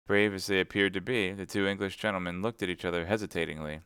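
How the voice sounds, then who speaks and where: A man reading a novel aloud on a live stream with steady, measured narration. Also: low voice, clear, resonant tone, dry recording, studio quality. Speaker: reader.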